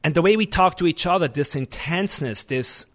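A man, a chef, telling stories in a lively conversational way, often restarting his sentences. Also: on the high side, a little fast. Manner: animated, restarts often, acts out kitchen shouting. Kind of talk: conversational storytelling.

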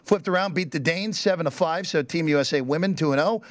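A man co-hosting a sports betting show, giving a quick results update with filler words. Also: on the high side, no echo. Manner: brisk recap with fillers. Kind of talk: casual radio show chat.

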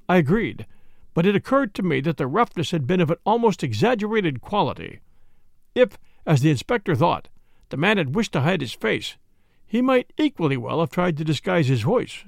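A man narrating a novel as an audiobook reader, steady and expressive. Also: a little high, fairly quick, vocal fry, no room sound, studio quality.

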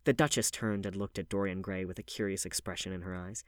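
A man narrating a classic novel in an audiobook, reading in a measured, clear way. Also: low voice, steady tone, dry recording, studio quality.

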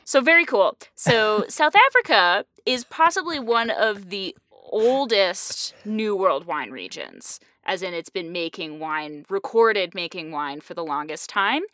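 A woman's voice: medium pitch, lively intonation, unhurried, fairly bright tone, no room sound, studio quality. A woman hosting a casual podcast chat, bubbly and fond of puns, laughing often. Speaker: podcast host.

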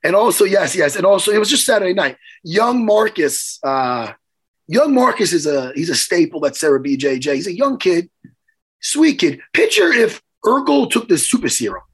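A middle-aged man, hoarse from losing his voice, telling a story in casual, profane chat and acting out quotes. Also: high-pitched, normal speed. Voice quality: hoarse, worn voice. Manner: animated, profane, acts out quotes. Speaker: podcast host.

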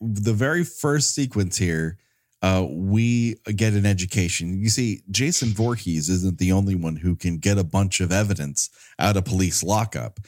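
A man co-hosting a podcast, recapping a horror film with sarcastic, crude, deadpan jokes in casual comedic commentary. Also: deep voice, moderate pace, dry recording, studio quality.

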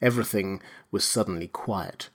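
A man narrating a classic novel aloud in a measured, expressive way. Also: fairly low pitch, husky. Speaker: reader. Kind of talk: audiobook narration.

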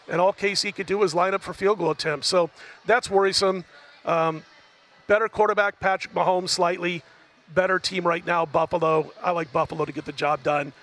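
A man appearing as a guest handicapper who talks through football stats and betting lines in a measured, stat-heavy way. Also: high-pitched, a bit bright. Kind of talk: analytical sports betting talk.

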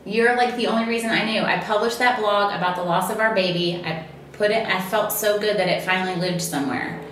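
A woman's voice: medium pitch, fairly quick. A woman tells stories with animation, acting out the voices in them. She sounds distant from the microphone in a strongly echoing room. Faint noise sits underneath. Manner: animated storyteller, acts out dialogue. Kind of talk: casual chat, storytelling. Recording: very echoey, distant from mic.

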